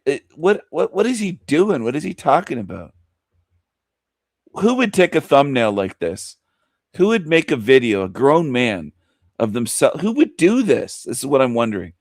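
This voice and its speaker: A man's voice: mid-range voice, sing-song, moderate pace, no room sound. Sneering man ranting, dry sound. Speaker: host. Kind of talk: mocking livestream commentary.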